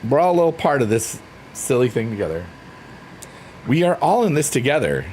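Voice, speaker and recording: A man hosting a relaxed livestream, chatting playfully and reading out messages from his viewers. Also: medium pitch, brisk, slight background noise. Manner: playful, silly, rambling, reads chat aloud. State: drained. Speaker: livestream host. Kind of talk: casual chat with live chat readers. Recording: faint piano music underneath.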